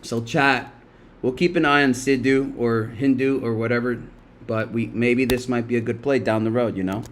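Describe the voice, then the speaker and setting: Brief: middle-aged male live-stream trader, mid-pitched, salty, rambling, talks to chat. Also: fairly even intonation, moderate pace, slight background noise. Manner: loose, profane, talks to chat, laughs a lot. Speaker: livestream stock market host. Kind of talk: casual live-stream commentary.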